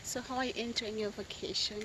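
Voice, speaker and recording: A woman's voice: on the high side, steady tone, fairly quick. A woman, vlogging casually outdoors in a rainforest garden. She talks effusively into a handheld phone and says "like" a lot. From St. Vincent and the Grenadines. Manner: effusive and chatty, leans on "like" a lot. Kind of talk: casual outdoor vlog chat. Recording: loud outdoor background noise.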